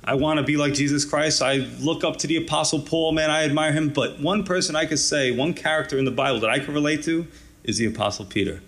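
A pastor preaching a conversational, encouraging sermon, often adding "you know" and "right". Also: male voice, on the high side, quick pace, fairly bright tone.

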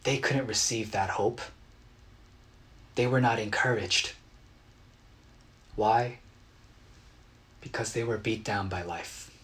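A man preaching a sermon as a pastor, earnest and dramatic, acting out quotes with bursts of loud emotion. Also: lowish voice, slow, pauses often. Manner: earnest, dramatic retellings with sudden loud outbursts.

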